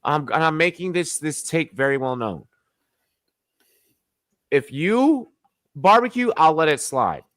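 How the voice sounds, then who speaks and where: A man hosting a casual sports talk stream, joking and animated. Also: normal speed, few pauses, clean tone, no echo. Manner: animated, joking, swings pitch widely. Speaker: podcast host. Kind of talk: casual chat.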